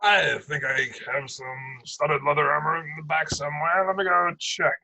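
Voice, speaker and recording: A man's voice: on the high side, steady tone, gravelly, sharp tone. A man narrating as game master in a tabletop game, hesitant and full of fillers. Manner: halting, filler-heavy, laughing.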